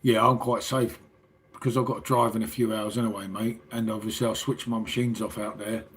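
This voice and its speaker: A man's voice: fairly low pitch, little pitch movement, fairly quick, fairly bright tone, breathy edge. A middle-aged English man hosting a casual late-night livestream, chatting with viewers in a matey, sweary way. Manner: matey and sweary, calls everyone mate. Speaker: livestream host.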